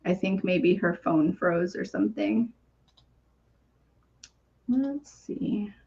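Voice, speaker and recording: A woman hosting a live numerology reading, talking gently and earnestly with soft fillers and small laughs. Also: mid-range voice, slow pace, gravelly. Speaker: numerology reader and podcast host. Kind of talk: live reading on a video call. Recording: dull lo-fi stream audio.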